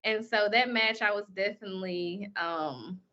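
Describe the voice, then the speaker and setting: A woman's voice: mid-range voice, normal speed, sharp tone, highs cut off. A young woman answering interview questions in a chatty way, full of "like" and "um". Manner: chatty, lots of "like" and "um", laughs easily. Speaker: guest, pro wrestler.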